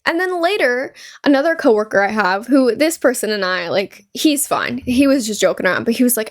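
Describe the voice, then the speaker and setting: A chatty young woman tells rambling stories over gameplay, her voice sitting a bit high. She talks in an animated, filler-heavy way and laughs often. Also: normal speed. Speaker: gaming YouTuber; store cashier. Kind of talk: casual chatty commentary.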